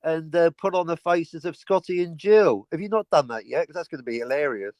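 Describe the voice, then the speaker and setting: A man's voice: a little high, brisk, darkish tone, no room sound. A man hosting a stream in casual, profane banter, mock-aggressive and sarcastic. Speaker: stream host.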